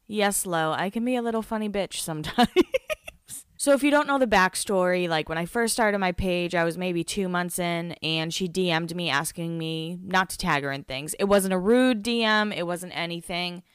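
A woman's voice: lowish voice, normal speed, smooth, dry recording, clean studio sound. A woman hosting a podcast, recapping in casual chat, rambling, swearing and laughing at herself. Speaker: podcast host.

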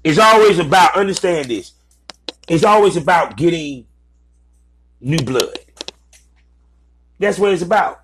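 A man's voice: on the high side, expressive, a little slow, long pauses, a bit bright, slight background noise. A man giving blunt, profane business advice in a casual, ranting commentary. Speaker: vlogger giving advice to content creators.

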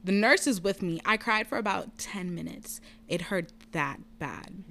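A woman's voice: on the low side, measured pace, gravelly. A woman telling a personal story in casual chat, candid and profane. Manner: candid, profane, lively retelling.

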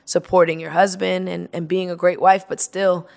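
A woman's voice: on the low side, moderate pace, gravelly. A woman guest in casual interview chat, telling stories with laughter and acting out quoted lines. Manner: animated, laughing storyteller who acts out quotes.

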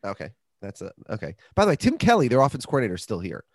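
A man's voice: medium pitch, racing, dry recording, studio quality. A man co-hosting a podcast, joking and rambling through a casual ad read and sports chat. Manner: jokey, rambling, lively. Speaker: podcast co-host.

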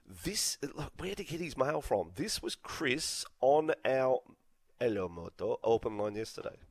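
A man's voice: medium pitch, very animated, measured pace, no echo. An Australian man hosting a sports radio show, talking in emphatic, fired-up bursts.

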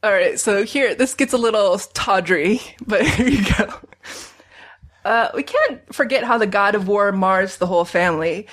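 A woman's voice: mid-range voice, moderate pace, fairly bright tone. A woman reading out her own pun poem in a casual chat, laughing at her own puns.

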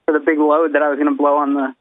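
A man's voice: a little high, little pitch movement, very fast, heavy background noise. A man co-hosting a podcast, telling stories in an easygoing, laid-back way over a phone line. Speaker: podcast co-host. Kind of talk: casual podcast banter.

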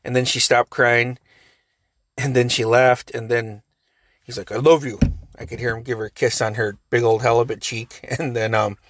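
A man's voice: mid-range voice, level tone, normal speed, fairly bright tone, slight background noise. A man in his forties casually telling a family story, rambling, cursing and laughing often.

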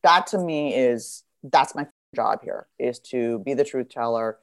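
A woman in her fifties, appearing as a podcast guest, speaks with an extremely low, slightly slow voice marked by vocal fry. In candid conversation she's blunt and profane, acting out voices as she tells her stories.

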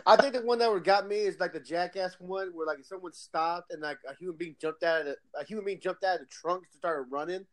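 A man's voice: high-pitched, quick pace, hardly any pauses. A man in a blunt, profane casual chat.

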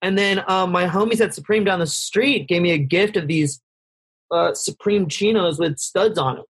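Slangy man with a high, husky voice. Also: normal speed, fairly bright tone. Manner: laid-back slangy talk, puts on voices when quoting people. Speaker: podcast guest. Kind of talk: casual chat. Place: home, over a video call. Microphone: video call.

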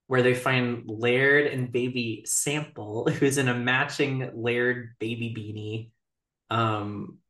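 A woman's voice: a bass voice, fairly even intonation, slow pace, a bit bright. A woman co-hosting a podcast, chatting casually about a TV episode with lots of "like" fillers. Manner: chatty, frequent "like" fillers, giggly. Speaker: podcast co-host. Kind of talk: casual chat recapping a TV episode. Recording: roomy echo.

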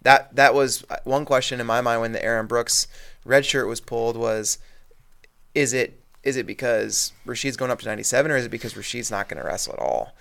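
Gravelly guy on a sports pod, rambles with lots of "like" and "you know". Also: medium pitch, fairly quick, fairly bright tone. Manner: rambling, many fillers and restarts. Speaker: podcast co-host. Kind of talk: casual sports chat.

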